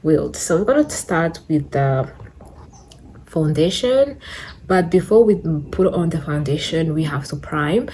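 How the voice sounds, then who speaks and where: A woman's voice: deep voice, expressive, a little slow, a little mellow, husky. A young woman beauty vlogger chatting casually while doing her makeup, a bit out of breath and rambling with fillers. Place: indoors at home, sit-down filming. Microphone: camera in front of her.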